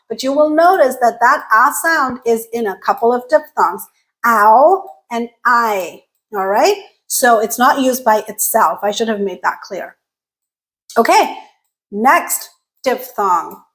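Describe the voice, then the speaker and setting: A woman with a fairly high voice gives a pronunciation lesson. She speaks slowly and deliberately, sounding out each vowel and pausing to check in with her listeners. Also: a bit bright, rough recording. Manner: drills sounds slowly, often checks in with "okay?". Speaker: English accent teacher.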